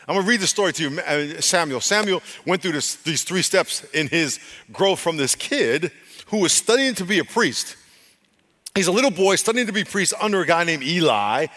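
A male pastor preaches in a rather high voice, rising into loud, emphatic bursts and dropping to hushed, intimate talk. He often restarts and repeats his phrases. His voice carries a long reverb, as in a large church hall. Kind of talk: sermon.

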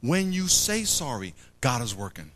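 A man's voice: medium pitch, moderate pace. A man preaching a sermon to a live audience, acting out little scenes, repeating himself and quizzing the crowd. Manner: animated, acts out little scenes and quotes.

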